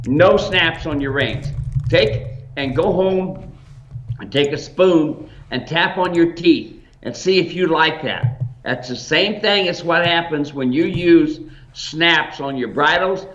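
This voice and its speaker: A man's voice: on the high side, slow, fairly bright tone, lo-fi sound. An older man and mule ranch owner giving folksy, emphatic advice in a casual chat.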